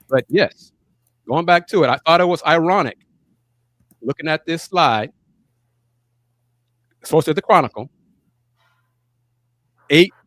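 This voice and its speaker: A man with a medium-pitched voice, recorded without echo, hosts a casual sports talk podcast. He chats conversationally through the news and calls on his panelists by name.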